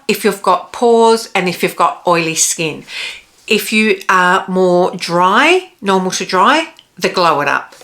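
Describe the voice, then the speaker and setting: A woman's voice: on the low side, pushed and bright. A woman in her forties, a beauty vlogger, doing a casual makeup review and giving chatty, practical tips straight to her viewers. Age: 40s.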